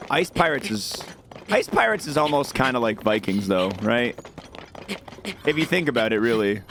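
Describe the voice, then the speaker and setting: A man's voice: mid-range voice, animated, normal speed, a bit bright. A young adult man streaming a game, chatting casually and rambling as he answers his chat. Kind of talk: casual live-stream chat while gaming. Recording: background noise with mouse clicks.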